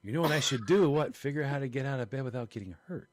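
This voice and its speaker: A man's voice: medium pitch, racing, no room sound. An older man co-hosting a casual podcast over a video call, telling funny stories and acting out the voices of the people in them. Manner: animated, acts out quoted voices in stories. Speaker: podcast co-host.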